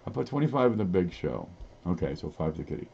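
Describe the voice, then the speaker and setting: A man's voice: sits low, big pitch swings, quick pace, creaky, a little mellow, slightly rough, dull audio. A man hosting a casual live-stream giveaway, talking in a folksy, rambling way as he reads off items one by one. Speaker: livestream giveaway host.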